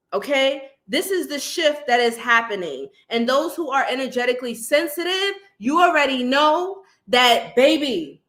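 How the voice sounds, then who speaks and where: A woman with a bright, high-set voice, a little stuffy and nasal from a cold. She talks live to her chat like a rousing preacher, keeps calling her viewers family, and pushes each point with conviction. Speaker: spiritual channel host. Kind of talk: livestream talk to viewers in chat.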